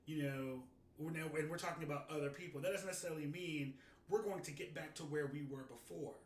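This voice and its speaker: A man's voice: a little high, quick pace, echoey room, recorded from a distance, slight background noise. A man co-hosting a casual chat, talking reflectively and restarting his sentences often. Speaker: podcast co-host.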